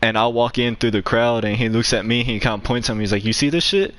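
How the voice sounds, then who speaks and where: Talking fast in a medium-pitched, slightly bright voice with little pitch movement, a young gaming channel host rambles through a story in casual chat. He fills it with "like" and laughs often between lines, and the recording is dry.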